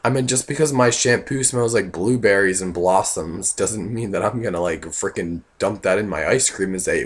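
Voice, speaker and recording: Hoarse man, casual comic storyteller, rambling with lots of "like". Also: on the low side, normal speed. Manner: rambling, full of "like" and "you know", voices in the quotes. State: hoarse, losing his voice. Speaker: vlogger.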